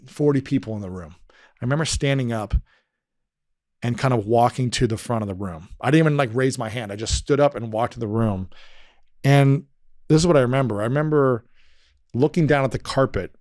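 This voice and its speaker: A man, a podcast guest, telling a personal story in conversation, earnest and emotional, often dropping quiet and slowing down. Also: mid-range voice, dry recording, clean studio sound.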